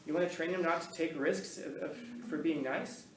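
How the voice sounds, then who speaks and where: A man's slightly high voice moves at a moderate pace as he shares stories conversationally with an audience, often laughing and backtracking. The on-camera recording is made from a distance in an echoey room, off-mic, with faint ambience and a little hiss or hum.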